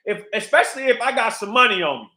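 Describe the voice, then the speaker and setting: A man's voice: very high voice, big pitch swings, fast talker, bright, forceful tone. A man hosting his own vlog, telling a rambling, profane story in a casual monologue. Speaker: vlog host. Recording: echoey room.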